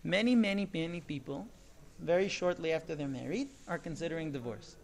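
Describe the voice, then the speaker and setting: A man's voice: on the high side, a little fast, gravelly. A man, a rabbi, gives a sermon on marriage, talking emphatically with rhetorical questions.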